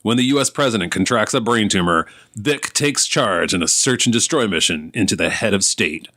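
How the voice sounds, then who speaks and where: A man putting on the voice of a dramatic male movie-trailer announcer, reading a spoof film blurb slowly and deliberately. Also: fairly low pitch, expressive, pushed and bright, no room sound, studio quality.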